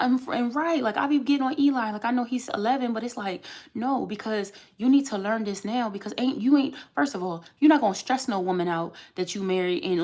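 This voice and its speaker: A woman's voice: lowish voice, darkish tone. A young adult woman from the United States venting candidly to her live-stream chat and talking back to commenters. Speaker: vlogger.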